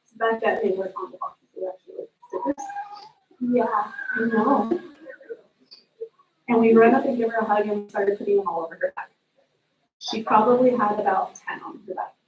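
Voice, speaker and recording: A woman speaking as a sister at a memorial, telling family stories in an animated way. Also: fairly high pitch, normal speed, pauses often, background noise. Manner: storytelling, animated retelling of family moments. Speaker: sister giving a eulogy. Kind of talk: memorial eulogy with family anecdotes. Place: memorial service room. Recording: distant echoey room mic, dull sound.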